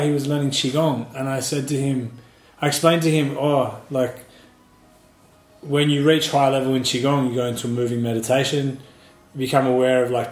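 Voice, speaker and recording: A man's voice: mid-range voice, darkish tone. Earnest man teaching in a roomy space. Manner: earnest, measured, explanatory. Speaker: martial arts and Qigong teacher. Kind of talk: reflective group discussion.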